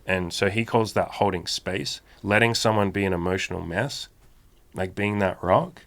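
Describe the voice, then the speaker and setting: A man's voice: low voice, moderate pace, gravelly, fairly bright tone. A man co-hosting a podcast, talking in a casual, candid and emphatic way, swearing freely. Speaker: podcast co-host. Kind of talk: casual chat.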